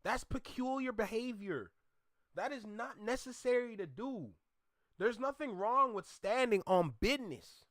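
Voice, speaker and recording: A man in casual commentary, animated and mocking, laughing often as he reacts to a clip. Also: very high-pitched, a little slow, no echo, clean studio sound.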